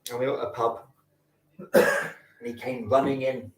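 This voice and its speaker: At a fringe festival, a man with a medium-pitched, level voice performs camp, bawdy stand-up at a normal pace, dropping into put-on voices for his stories. The sound comes from a distance in an echoey room.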